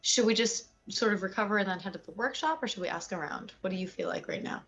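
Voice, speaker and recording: A woman playing a tabletop game, playful and swearing, quick to laugh. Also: mid-range voice, lively intonation, a bit bright. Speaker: player. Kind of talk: casual tabletop role-play.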